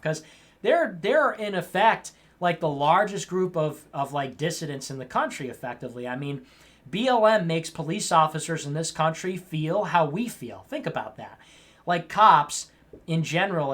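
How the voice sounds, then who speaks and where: A man with a fairly high, somewhat bright voice hosts a casual livestream show. He reads out viewer messages and replies with teasing, mock-scolding asides, often rambling and starting over.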